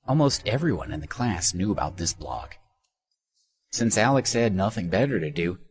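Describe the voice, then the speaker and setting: A man narrating an audiobook story in an expressive storytelling manner. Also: deep voice.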